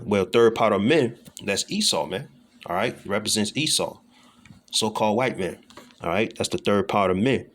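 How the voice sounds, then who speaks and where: Low-voiced man preaching casually. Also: fairly bright tone. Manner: reads verses slowly, tags lines with "man" and "all right"; repeats and restarts phrases, clears throat. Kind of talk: casual scripture teaching.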